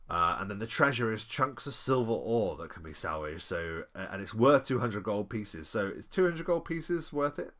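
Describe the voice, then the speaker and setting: A man's voice: on the low side, sing-song, normal speed, few pauses, a bit bright. A man chatting casually on a live stream, reading an old game module and answering his chat politely. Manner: chatty, rambling, apologetic, polite.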